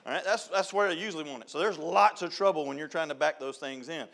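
A man's voice: on the high side, fast talker, gravelly, few pauses. Joking preacher man. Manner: storytelling, joking, shouts and laughs at punchlines. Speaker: youth director preaching. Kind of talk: folksy sermon. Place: church sanctuary.

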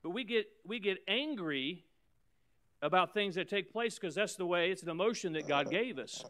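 Fervent male preacher, higher voice. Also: lively intonation. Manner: fervent preaching with loud emphatic swells and quick asides. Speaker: pastor. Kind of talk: preaching a sermon.

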